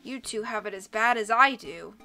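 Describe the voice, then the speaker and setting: A woman playing a slow, mournful sad-sack man. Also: fairly high pitch, pushed and bright, soft background music. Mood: gloomy. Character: gloomy self-pitying man, ambidextrous carnival performer.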